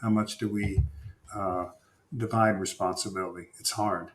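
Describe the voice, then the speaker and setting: A man, an author who is a guest on a podcast, answering in a thoughtful, measured way and pausing with uhs. He speaks in a conversational interview style. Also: fairly low pitch, steady tone, roomy sound, a little hiss or hum.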